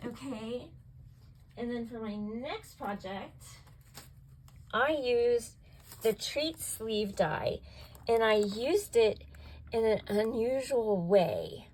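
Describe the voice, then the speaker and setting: Over a rough recording, a woman with a mid-range, darkish voice speaks at a measured pace, presenting her craft projects step by step. As the host of a craft channel, she raves about each one and repeatedly asks whether it's cute.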